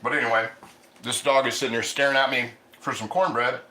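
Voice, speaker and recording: A man's voice: medium pitch, steady tone, a little fast, sharp tone, reverberant, rough recording. A man hosting a casual cooking livestream from his home kitchen, chatting loosely and reading viewer comments aloud. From Ohio. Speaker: cooking channel host.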